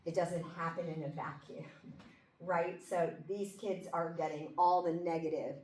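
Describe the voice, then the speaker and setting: A woman's voice: fairly low pitch, fairly even intonation, a little slow, a little mellow. A woman giving a classroom lecture in a conversational way, often checking in with her listeners by asking 'okay?' and 'right?'. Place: lecture room. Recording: echoey room, mic far off, faint background hum.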